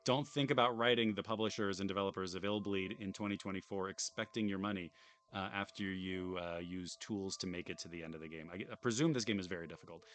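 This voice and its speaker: A man's voice: low-pitched, fast talker, a bit bright. A British man streaming live, reading game text aloud with wry, chatty, self-deprecating asides. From United Kingdom.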